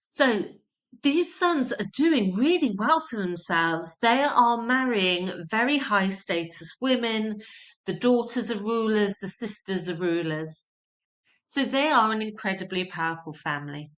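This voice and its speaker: A woman's voice: medium pitch, expressive, unhurried, a bit bright. Woman teaching history, emphatic. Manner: explains words simply, emphatic repetition. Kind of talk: explanatory history lesson.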